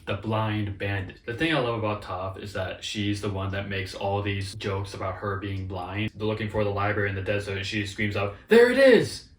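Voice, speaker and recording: Low-voiced man, distant and echoey. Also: a little fast, hardly any pauses. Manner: relaxed, agreeable, uses "like" often. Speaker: co-host. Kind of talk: casual chat. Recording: echoey room, distant mic, faint noise.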